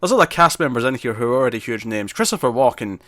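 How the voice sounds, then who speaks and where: A man's voice: medium pitch, animated, fast talker, fairly bright tone, dry recording. Guy co-hosting a film chat, rambly with lots of ums, dry close sound. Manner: rambling, many fillers and restarts. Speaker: co-host of a movie discussion show. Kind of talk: casual chat.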